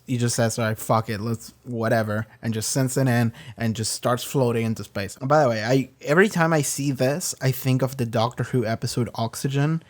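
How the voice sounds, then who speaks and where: A man talks through his thoughts on an episode in a loose, off-the-cuff review. He rambles, piles on fillers and restarts, and swears freely. His voice sits at an ordinary middle pitch. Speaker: reaction video host. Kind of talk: casual spoken review.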